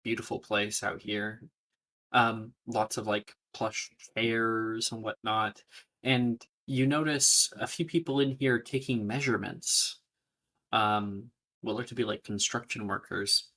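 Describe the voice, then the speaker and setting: A man narrating a tabletop game as game master, unhurried and pausing often with fillers. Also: on the low side, fairly even intonation, pushed and bright. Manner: unhurried, with many filler pauses.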